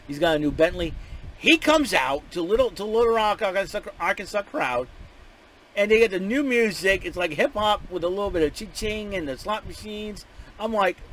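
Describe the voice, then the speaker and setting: A man giving a casual, rambling spoken recap, excitable and full of restarts and fillers. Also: high-pitched, a little hiss or hum, rough recording. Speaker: show recapper.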